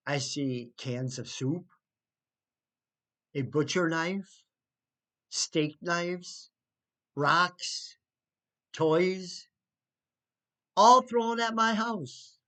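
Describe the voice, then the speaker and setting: A man recounts a neighbor dispute in an unhurried, casual storytelling voice. He sounds indignant and slips into sarcastic asides. His pitch sits a touch high for a man, and he often stops to restart a thought. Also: sharp tone. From United States. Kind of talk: casual spoken storytelling to camera.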